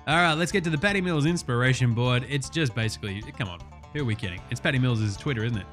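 A man's voice: mid-range voice, fast talker, soft background music. A young Australian man hosting a casual basketball chat show, swearing a lot and joking around. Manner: profane, jokey, animated. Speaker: podcast host.

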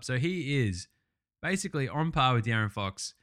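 A man hosting a casual sports recap, ranting excitably and swearing a lot. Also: medium pitch, moderate pace. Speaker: podcast host.

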